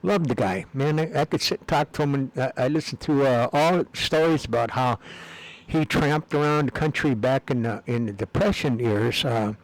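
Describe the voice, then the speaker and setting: A man's voice: mid-range voice, moderate pace, poor audio. A man talking in a rambling, casual monologue, meandering and repeating words with many fillers. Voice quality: gravelly. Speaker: video blogger.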